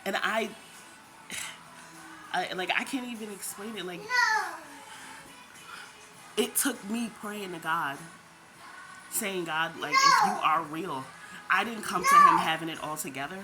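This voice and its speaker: A woman's voice: mid-range voice, big pitch swings, a little slow, long pauses. A woman giving an emotional personal testimony as a vlogger, tearful at times, who repeats herself and talks straight to her viewers. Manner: talks straight to viewers, addresses them as "y'all". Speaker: vlogger sharing a faith testimony. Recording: background music under the voice.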